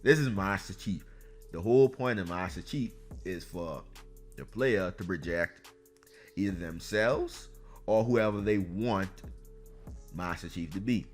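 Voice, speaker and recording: A man's voice: deep voice, a little slow, soft background music. A man giving an exasperated, sarcastic ranting review of a video game series.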